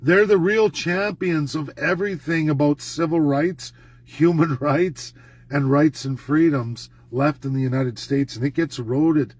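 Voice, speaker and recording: A man's voice: on the high side, unhurried, slightly rough. A Canadian man delivering an indignant, emphatic political rant to his followers, hammering points through repetition. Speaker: political commentator. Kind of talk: ranting monologue.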